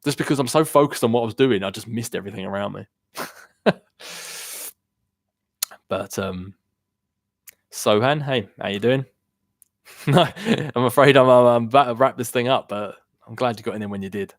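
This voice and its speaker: A man's voice: medium pitch, moderate pace, pauses often, no room sound, studio quality. A young man chatting casually on a gaming live stream, rambling loosely and answering viewer questions from chat. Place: home room. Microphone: worn-out desk microphone.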